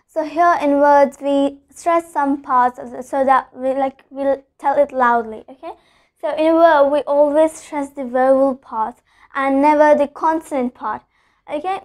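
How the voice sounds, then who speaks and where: A woman with a high voice teaches English pronunciation. She explains each rule patiently, says every example word more than once and keeps checking in with "okay?". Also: steady tone, a little slow. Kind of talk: spoken pronunciation lesson.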